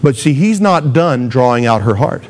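A man preaching a sermon in a mid-range voice, speaking with emphatic rises and lively acted quotes. He talks straight to his listeners, pressing his points home. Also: medium pitch, normal speed, a little hiss or hum. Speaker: pastor.

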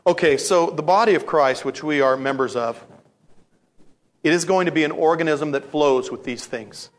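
A male pastor delivering a sermon with a somewhat high voice. He tells stories in an animated way, slips into acted-out voices and repeats key lines to drive them home. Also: moderate pace. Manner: animated storytelling, acts out voices, repeats phrases for emphasis.

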